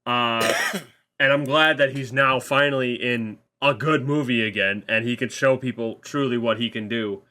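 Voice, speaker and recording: A man's voice: mid-range voice, moderate pace, sharp tone. A man who is a guest on a casual spoiler chat, rambling, restarting sentences and swearing casually.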